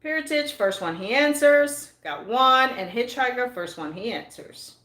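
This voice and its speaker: A woman's voice: fairly high pitch, animated, a little slow, pushed and bright, echoey room. A woman from Belize co-hosting a live trivia stream from home, reading out player names and adding up points. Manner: reads names and tallies points, laughs easily. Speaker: co-host reading chat and keeping score. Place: home with slow internet.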